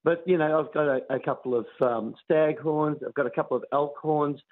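Guy on a phone line rambling warmly, thin tinny sound. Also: a little high, a little fast. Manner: rambling, heartfelt, with fillers and repeats. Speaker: caller. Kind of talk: phone-in story.

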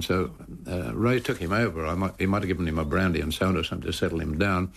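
A man's voice: low voice, fast talker, gravelly, hardly any pauses, husky. An older Australian man, a former cricketer, telling anecdotes in an emotive way and often repeating words as he speaks. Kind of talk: anecdotal storytelling.

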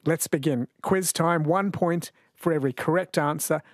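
A man's voice: fairly high pitch, normal speed, no room sound. A man hosting a radio quiz show in a chatty, jokey way. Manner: chatty, jokey, laughs easily. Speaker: radio host. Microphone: studio microphone.

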